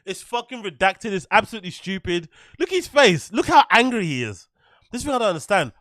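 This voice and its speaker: A man's voice: high-pitched, sing-song, fast talker, pushed and bright, no echo, clean studio sound. A man hosting a livestream, ranting through commentary with lots of swearing and laughter. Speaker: livestream host.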